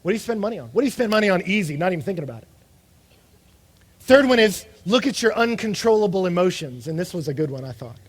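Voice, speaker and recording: A man preaching a sermon in an animated way, acting out the voices of the people he quotes. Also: sits high, fast, breathy edge. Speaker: pastor.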